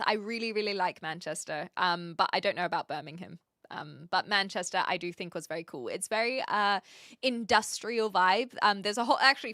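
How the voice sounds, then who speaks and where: A woman's voice: medium pitch, bright, forceful tone, dry recording, clean studio sound. A woman with a light New Zealand accent, chatting casually with her live chat from her home streaming room into a stand mic, giggly and self-mocking. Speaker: Twitch streamer.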